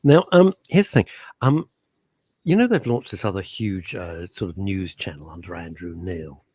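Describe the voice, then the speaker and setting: A man's voice: sits low, moderate pace, breathy edge, dry recording. A middle-aged man co-hosting a radio talk show, teasing and opinionated, speaking into a studio microphone. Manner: brash, teasing, animated and opinionated.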